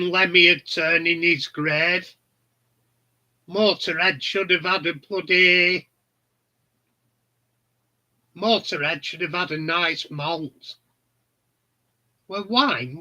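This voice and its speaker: A middle-aged man speaks slowly in a high, pushed and bright voice, pausing often, on a muffled recording. He's a channel host chatting casually, blunt and rambling through funny stories while laughing at his own tales.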